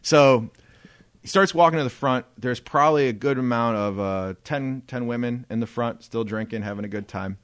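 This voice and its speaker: A man's voice: mid-range voice, normal speed, smooth, no room sound. A man telling a story in a casual podcast chat, swearing freely and laughing often. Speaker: podcast co-host.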